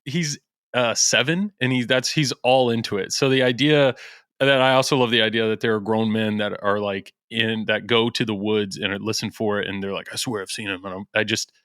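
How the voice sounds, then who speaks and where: A man's voice: on the low side, steady tone, normal speed, a bit bright, clear, resonant tone, dry recording, studio quality. A man from the American Midwest, a podcast guest in casual chat, talking in an earnest, self-deprecating way and laughing easily.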